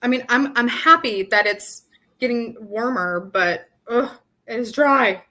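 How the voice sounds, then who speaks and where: A young woman leads a casual live craft tutorial at an unhurried pace. Her voice sits a little high, and she rambles and thinks aloud with plenty of ums. Her throat sounds dry. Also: sharp tone. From Southern California. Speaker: craft workshop host.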